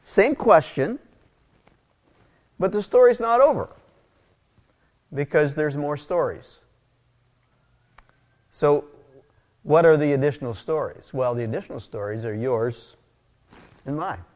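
Middle-aged male pastor, conversational sermon, slightly high voice, animated storytelling. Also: slow, long pauses. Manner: casual, animated, storytelling with asides.

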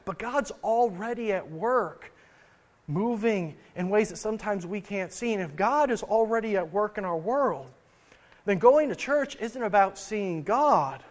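Pastor guy giving a sermon, pretty high voice, stumbles and repeats himself, gets loud to make a point. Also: expressive, measured pace. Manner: earnest, repeats and restarts words, shifts loudness for emphasis.

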